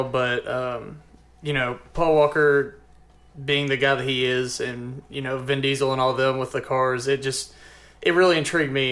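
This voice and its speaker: A man's voice: medium pitch, a bit bright. A man guesting on a casual movie podcast, speaking in an earnest, rambling way. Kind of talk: casual chat.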